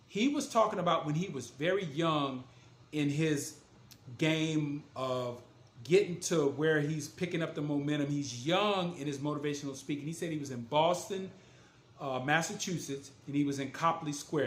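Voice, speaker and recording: A man, an author and motivational speaker, telling his story in a casual, earnest and emphatic way. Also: fairly high pitch. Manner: earnest and emphatic, retelling scenes with voiced quotes. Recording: echoey room.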